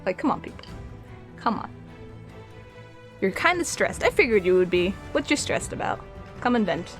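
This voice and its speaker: A woman's voice: mid-range voice, big pitch swings, moderate pace, long pauses, faint music behind. A woman streaming her art, chatting casually and a bit sassily with her viewers while she paints. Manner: chatty, sassy, talks to chat.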